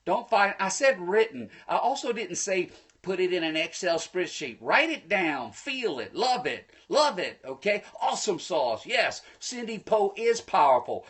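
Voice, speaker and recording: A man giving a live-streamed motivational talk, preachy and energetic, speaking to viewers through a phone. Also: sits high, measured pace, few pauses, husky. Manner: energetic, preachy, bursts into excited shouts; folksy, addresses viewers directly. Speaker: motivational speaker hosting a livestream.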